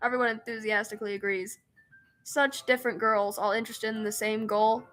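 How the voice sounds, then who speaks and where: Bright-voiced woman reading a game aloud. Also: fairly high pitch, flat delivery, brisk, soft background music. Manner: giggly, self-mocking asides. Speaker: streamer. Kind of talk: reading a visual novel aloud.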